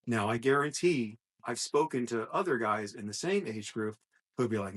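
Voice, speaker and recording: A man's voice: mid-range voice, fairly quick. A young man, a gym coach, speaks on a casual podcast in an ordinary mid-range voice. He is earnest and encouraging and often restarts a sentence as he works out what to say. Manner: earnest, motivational, thinks aloud with restarts.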